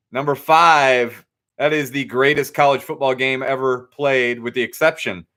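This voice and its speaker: A young man hosts a casual trivia night in a steady, middle-range voice. He reads the answers one by one, tossing in relaxed asides and fixing his own slips without fuss. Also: mid-range voice. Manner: easygoing, reads answers out with asides and self-corrections. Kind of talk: casual live trivia hosting.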